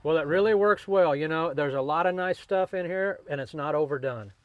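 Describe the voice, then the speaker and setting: A man hosting a live-stream trucking show, chatting with guests and pitching a contest in upbeat, folksy promotional patter. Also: brisk, narrow, tinny audio. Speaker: host.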